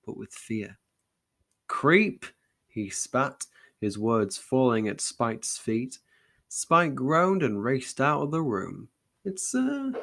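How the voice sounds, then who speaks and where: A man's voice: lowish voice, gravelly. A young man reading his own story aloud in an overwrought, mock-dramatic way, with wry self-mocking asides. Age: young adult. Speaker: channel host reading his old story.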